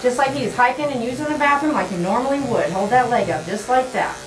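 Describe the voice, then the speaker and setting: Talking fast in a fairly high, expressive voice, a woman grooms a dog, alternately sweet-talking and scolding it before walking through her steps. Electric clippers buzz in the background, and the distant mic gives a roomy sound.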